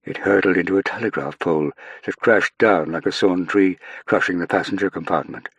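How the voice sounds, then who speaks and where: An audiobook narrator delivers scripted narration in a steady, measured storytelling voice that is extremely low and husky. The sound is dry and close-miked, with no room sound at all.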